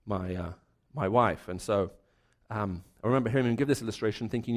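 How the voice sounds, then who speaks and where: A man's voice: on the low side, brisk. A man preaching a sermon to a live congregation, conversational and storytelling, with frequent restarts and fillers. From raised in the Middle East.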